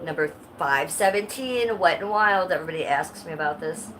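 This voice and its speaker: A woman's voice: low-pitched, expressive, brisk, a bit bright, slight background noise, poor audio. A middle-aged woman chatting casually on a livestream from her living room, blunt and given to swearing. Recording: music playing clearly behind.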